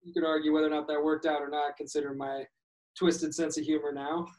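A man's voice: on the high side, flat delivery, quick pace, a little mellow, low-quality recording. A man co-hosting a casual chat, talking at length and reflecting on his points.

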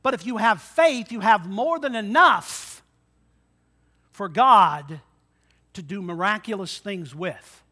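Bright, high-voiced male pastor preaching. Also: animated, slow, long pauses. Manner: dramatic retellings with shifting loudness; rhetorical questions to the congregation. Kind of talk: sermon.

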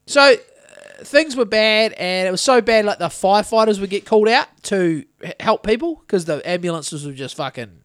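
A man's voice: sits high, expressive, moderate pace, a bit bright, smooth, no room sound, clean studio sound. A man hosting a podcast, telling a rambling story in casual chat, swearing often. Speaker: podcast host.

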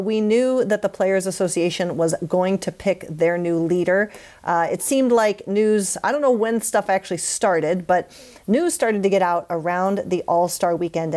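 A woman hosting a podcast segment in casual chat, tossing in puns and teasing herself between topics. Her voice sits in a middle pitch. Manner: punning, self-mocking, lively. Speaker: podcast co-host leading the news segment.

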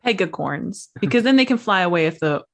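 A woman's voice: lowish voice, lively intonation, brisk, gravelly, fairly bright tone. A woman co-hosting a podcast, chatting playfully and giggling often. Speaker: podcast co-host. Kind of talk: casual chat.

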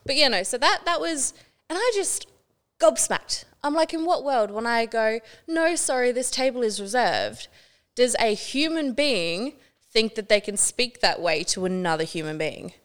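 A young woman with a smooth, clear voice tells a story on a casual podcast. She is animated, swears freely and acts out what people said. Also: a little high, moderate pace. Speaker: podcast co-host.

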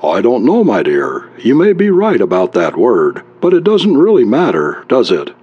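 A man's voice: mid-range voice, huge pitch swings, normal speed, a little mellow, slightly rough, no echo, lo-fi sound. A man voicing a hunched, brooding husband who hesitates and mumbles, reciting grim verse. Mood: hesitant.

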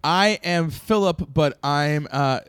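A young man co-hosting a comedy podcast, chatting casually with wry, deadpan jokes. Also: fairly high pitch, takes it slowly, clear, resonant tone, no room sound, studio quality. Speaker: podcast co-host.

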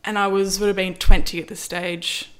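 A woman in casual storytelling, lively, acting out quoted lines with big pitch jumps. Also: moderate pace. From Australia. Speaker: model, interview guest.

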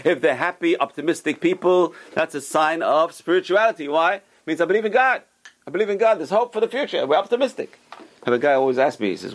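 A rabbi giving a Torah lesson in a somewhat high, gravelly voice. He presses his points by saying them again and again. His storytelling is lively and animated. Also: fast talker, rough recording. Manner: emphatic, repeats key words. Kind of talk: teaching a Torah class.

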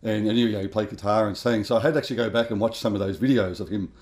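Relaxed Australian podcast host, mellow voice. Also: male voice, fairly low pitch, very fast. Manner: relaxed, friendly, thanks listeners and sponsors. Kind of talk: casual podcast intro and interview.

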